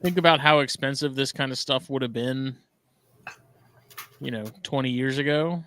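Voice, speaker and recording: A man's voice: medium pitch, normal speed, sharp tone, a little hiss or hum. A man co-hosting a podcast, chatting casually and keenly about gadgets. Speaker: podcast co-host. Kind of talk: casual chat.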